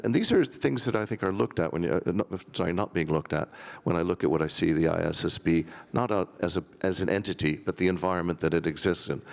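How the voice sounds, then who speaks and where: Deep gravelly man on a panel. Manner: rambling, wry, with self-deprecating jokes. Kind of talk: conference panel discussion.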